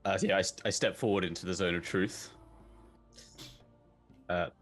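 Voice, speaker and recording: A man's voice: low-pitched, fairly even intonation, normal speed, fairly bright tone, faint music behind. A man playing a tabletop game who speaks hesitantly. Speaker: player. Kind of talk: casual tabletop play.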